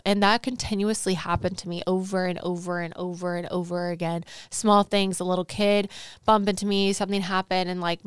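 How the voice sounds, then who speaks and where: A woman speaks earnestly and emotionally as she tells a personal story on her podcast, often looping back on her words with fillers. Her voice is exceptionally smooth and clear, at an ordinary pitch for a woman. The recording is dry and close, with no room sound at all. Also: no echo. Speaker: podcast host and sales coach.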